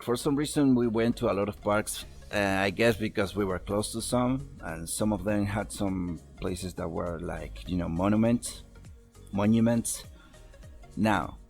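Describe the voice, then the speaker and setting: A young man with a lowish, gravelly voice tells a personal story over a voice call, rambling, swearing, and laughing at himself. He's a podcast host, and the talk is casual storytelling.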